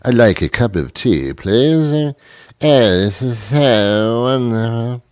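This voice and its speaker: Guy putting on a fussy genteel tea sipper, slow and dainty, dry mic. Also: on the low side, very animated, no room sound, pitched above the performer's own voice. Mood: prim, delighted. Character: prim, genteel tea drinker, man, posh.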